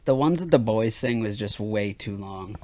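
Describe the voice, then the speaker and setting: A man's voice: on the low side, expressive, normal speed, crowd noise. A young man co-hosting a podcast in casual chat, joking and laughing often, playfully provocative. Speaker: podcast co-host.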